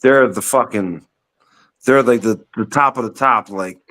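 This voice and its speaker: A man's voice: mid-range voice, measured pace, fairly bright tone. A man in casual banter, laid-back and slangy, saying "bro" a lot. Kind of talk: casual chat.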